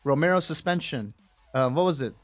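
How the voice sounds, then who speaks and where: A man's voice: on the high side, expressive, fairly quick, faint music behind. A young man co-hosting a podcast in casual chat, rambling and laughing often. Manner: laid-back, rambling, laughs often, many fillers. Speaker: podcast co-host. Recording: dull lo-fi sound.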